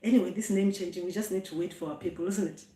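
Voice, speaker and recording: A woman's voice: lowish voice, steady tone, rapid-fire, dark tone, roomy sound. A middle-aged South African woman, a traditional healer, chatting casually on a live stream and often exclaiming with laughter. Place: home room.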